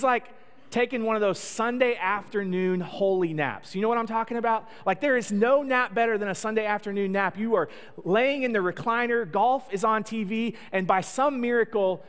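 A man's voice: high-pitched, fairly bright tone. A man preaching a sermon in a conversational, joking storytelling way. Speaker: pastor. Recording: long echo of a large hall.

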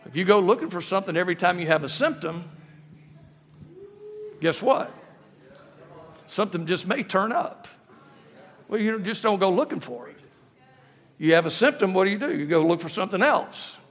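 High-voiced preacher in a reverberant church. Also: male voice, expressive, normal speed, pauses often, a bit bright. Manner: humorous storytelling, repeats phrases, rhetorical questions. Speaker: guest preacher. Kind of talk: sermon. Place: church sanctuary. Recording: echoey church hall with long reverb.

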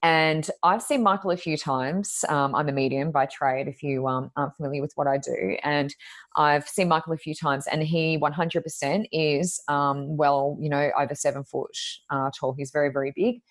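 Low-voiced woman telling stories. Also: steady tone, normal speed. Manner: chatty, rambling, many ums and likes. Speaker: medium, podcast guest. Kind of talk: conversational storytelling.

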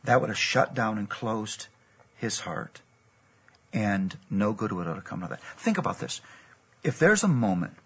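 Gravelly low-voiced man telling a sermon story. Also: a bit bright. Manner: gravelly, husky, earnest storytelling.

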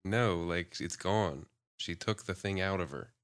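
A man's voice: sits low, a little slow, clear, resonant tone. A man co-hosting a podcast, trading short laid-back remarks in casual chat. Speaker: podcast co-host.

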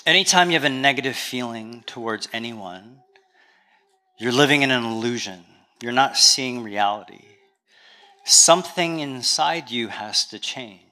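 A pastor with a Canadian accent and a mid-range voice preaches a sermon in a relaxed, conversational way, telling stories with touches of humor.

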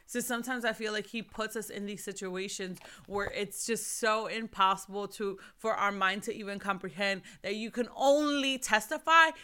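A young woman hosts a faith podcast, earnestly and somewhat preachily urging listeners to keep going, while recovering from losing her voice. Her medium-pitched voice is bright, forceful, clear and resonant, moving at a moderate pace with hardly any pauses.

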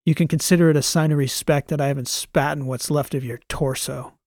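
A man playing a loud, cynical veteran soldier. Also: fairly high pitch, steady tone, a little fast, dry recording, clean studio sound, lightly acted. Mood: menacing contempt. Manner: gruff, contemptuous, loud.

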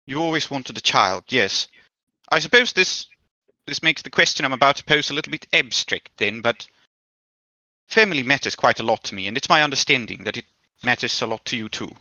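A courteous, scheming gentleman, played by a man in a tabletop game speaks in a formal, careful way, restarting his sentences as he builds toward a grave request. His voice is very bright and sharp. The recording is dry and a little dull. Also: mid-range voice, expressive, a little fast, no echo. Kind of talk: role-playing a character in a tabletop game.

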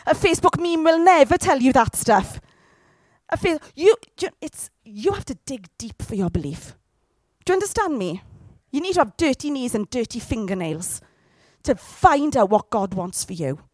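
A woman preaches a sermon, throwing direct questions at her congregation as she goes. Her voice sits fairly high, and the sound is dry and close. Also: big pitch swings, moderate pace, no room sound.

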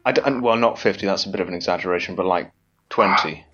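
A man's voice: low-pitched, quick pace, a bit bright, faint music behind. A man on a podcast over an online call, rambling and laughing at himself in casual banter. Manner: laughing, rambling, self-deprecating. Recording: dull lo-fi call audio.

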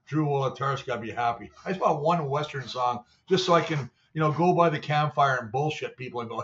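A man's voice: medium pitch, fairly quick, hardly any pauses, a bit bright, muffled recording, slight background noise. An older man, a former player and show analyst, telling rambling, salty stories in casual sports talk. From Canada. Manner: rambling, salty storytelling with mimicry.

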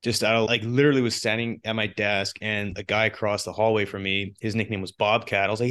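A man from Canada talks casually as a podcast guest, his voice sitting on the low side. He tells his stories with animation and keeps stopping to restart his sentences. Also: fairly quick, few pauses. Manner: animated storytelling with frequent restarts. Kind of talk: casual conversation.

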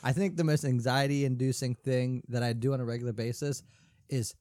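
A man's voice: mid-range voice, steady tone, a little fast, a little mellow, dry recording, clean studio sound. A man co-hosting a podcast, a parent talking in a wry, offhand way during casual banter. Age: adult parent. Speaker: podcast co-host.

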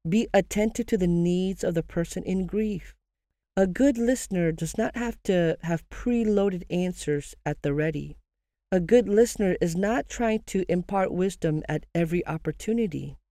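A podcast host giving grief advice in a calm, measured counselling tone, slowing down to stress key phrases and asking listeners rhetorical questions. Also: medium pitch, no room sound, clean studio sound.

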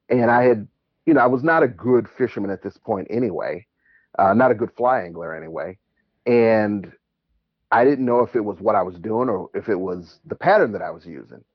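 A man with a low, husky voice tells stories as a caller, chatty and quick to laugh. His pitch swings widely as he talks. The sound is dry and a little dull, like lo-fi call-in audio. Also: no echo. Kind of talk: casual storytelling.

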